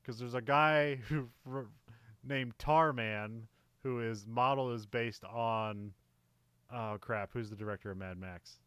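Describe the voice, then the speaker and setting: A man's voice: mid-range voice, slow pace, fairly bright tone, clean tone, no echo. Rambling laughing man on a podcast. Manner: rambling, laughs often, lots of "like" and "you know". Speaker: podcast co-host. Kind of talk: casual movie podcast chat.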